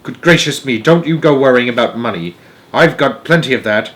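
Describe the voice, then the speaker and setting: A brisk, eccentric chocolate maker in a storybook reading, chivvying everyone along with upbeat bossiness, as a man puts him on. He speaks at a middling pitch, clipped and quick. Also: lively intonation, fairly bright tone, close to an everyday voice.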